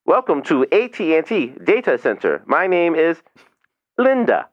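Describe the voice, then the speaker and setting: A man puts on a brusque overseas call-center agent with a mock customer-service voice. It sits high and swings lively. The sound is dry and close. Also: unhurried, no room sound, dull audio. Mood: mock polite.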